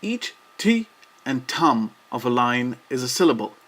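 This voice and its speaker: A man delivers a scripted lesson in a measured, even manner. His voice sits at an ordinary middle pitch, and he slows deliberately when reciting verse. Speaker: lecturer. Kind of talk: scripted educational narration.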